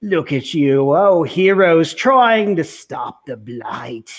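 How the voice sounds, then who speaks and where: A man's voice: fairly high pitch, sing-song, slow, exaggerated voice. A man voicing a cackling witch disguised as a young woman, mocking and gloating.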